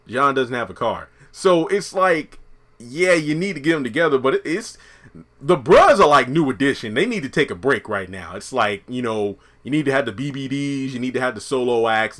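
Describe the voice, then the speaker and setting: A man's voice: mid-range voice, fairly bright tone. A man giving a casual, joking review of a TV episode, chatty and loose with some profanity.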